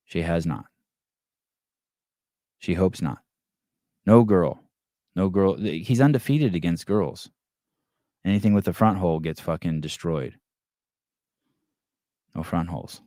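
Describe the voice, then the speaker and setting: A middle-aged man hosts a casual podcast in a low, deep voice. He jokes crudely and swears freely, and he slips into voiced quotes as he tells stories. The sound is dry and close, with no room echo. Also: a little slow, pauses often. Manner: profane, joking, animated storytelling with voiced quotes. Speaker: podcast host.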